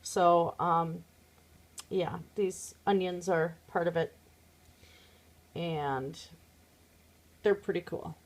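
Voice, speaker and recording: A woman's voice: fairly low pitch, steady tone, extremely slow, long pauses. A woman chatting casually at home, showing her craft pieces to a phone camera, rambling with many fillers. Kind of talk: casual show-and-tell chat.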